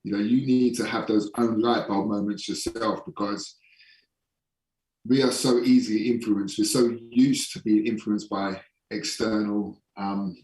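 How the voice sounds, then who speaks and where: Man, low-pitched voice, podcast guest, frank and casual, swears, slows for emphasis, echoey room, a bit far from the mic. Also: darkish tone. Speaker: podcast guest, holistic performance coach. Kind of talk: casual storytelling interview.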